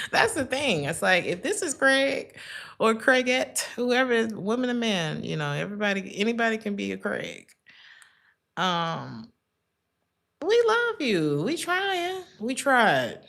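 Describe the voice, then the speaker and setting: A woman's voice: lowish voice, a bit bright. A woman giving a casual tarot reading, blunt and chatty, laughing often and calling listeners baby and honey. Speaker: tarot reader.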